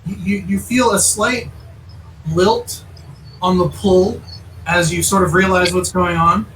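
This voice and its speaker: Halting high-voiced male game master, recorded far off in an echoey room. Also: steady tone, fairly bright tone. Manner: halting, restarts phrases while narrating. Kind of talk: narrating a tabletop game. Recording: echoey room, mic far off, faint noise.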